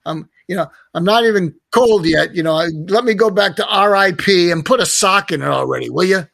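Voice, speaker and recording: A man's voice: sits high, a little fast, gravelly, a bit bright, no echo, clean studio sound, voice pushed up, heavily acted. A man voicing a crusty old talk-show host with a Brooklyn accent, in a raised, needling voice. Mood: exasperated.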